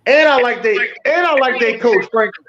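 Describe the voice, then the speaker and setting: A man co-hosting a podcast, loud and profane, teasing the others and repeating himself in a heated casual sports debate. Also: extremely high pitch, normal speed, a little hiss or hum. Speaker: podcast co-host. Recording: dull lo-fi audio.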